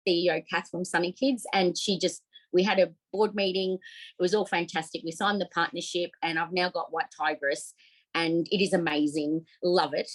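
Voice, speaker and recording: A middle-aged Australian woman telling her story as a podcast guest, heartfelt and animated, with many fillers. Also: lowish voice, moderate pace, poor audio. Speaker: podcast guest, op shop owner. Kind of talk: casual interview storytelling.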